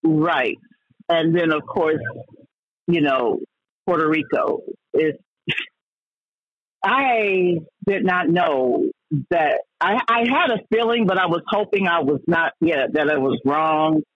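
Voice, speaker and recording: A man's voice: a little high, takes it slowly, long pauses, dry recording. A man hosting a radio talk show, ranting heatedly about the news and stumbling over many restarts. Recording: dull lo-fi radio broadcast.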